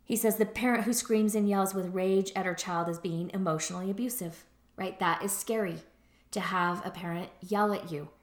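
A woman's voice: mid-range voice, steady tone, moderate pace, echoey room. A middle-aged woman therapist who explains in a casual lecture, often checking in with "right?" and "like". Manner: conversational, explains with frequent "right?" and "like".

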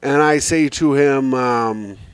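A man hosting a podcast, telling road stories in an animated, casual comic style with swearing. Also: medium pitch, takes it slowly, smooth, dry recording. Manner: animated, swearing, slips into quoted voices. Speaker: podcast host.

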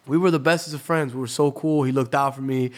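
Podcast guest, young man from Florida, relaxed streetwise storyteller with an ordinary mid-range voice. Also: mid-range voice, fast. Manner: streetwise, swears freely, says "bro" often. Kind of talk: casual storytelling interview.

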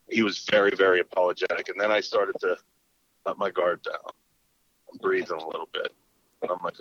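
A man's voice: sits low, moderate pace, long pauses, no room sound, muffled recording. A man in casual talk, telling a story with energy and acting out both sides of a quarrel. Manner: animated, acts out both sides of the exchange.

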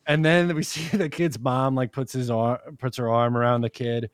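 A young man in his twenties rambles through a story on a sports podcast and laughs as he goes. He talks loosely and casually at an ordinary pitch. The sound is close and dry. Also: fairly even intonation, normal speed, clean tone, dry recording. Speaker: podcast co-host.

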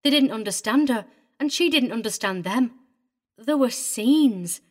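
A woman's voice: fairly high pitch, lively intonation, unhurried, a little mellow. A woman voicing a prim, tearful middle-aged governess in a dramatized audiobook reading, agitated and wavering. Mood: vehement, tearful.

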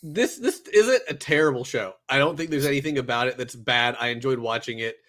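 A young man co-hosting a casual anime review podcast, relaxed and rambling with lots of fillers. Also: mid-range voice, a little fast.

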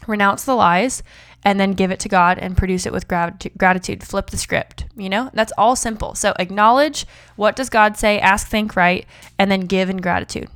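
A woman's voice: medium pitch, fairly bright tone, smooth. A young woman hosting a faith-based motivational podcast, chatty and upbeat with preacher-like emphasis. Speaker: podcast host.

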